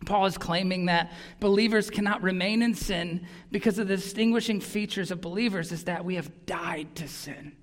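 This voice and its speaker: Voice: medium pitch, normal speed, few pauses. A pastor preaching a sermon in an earnest, emphatic way, often repeating words for stress. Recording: long reverb of a large hall.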